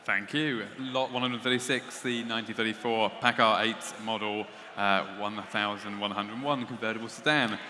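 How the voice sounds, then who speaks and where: A man's voice: lowish voice, steady tone, moderate pace, hardly any pauses. A man presenting lots at an auction, describing each one with frequent hesitant fillers. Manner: hesitant, many uh fillers between descriptive phrases. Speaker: lot presenter. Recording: long reverb, faint background noise.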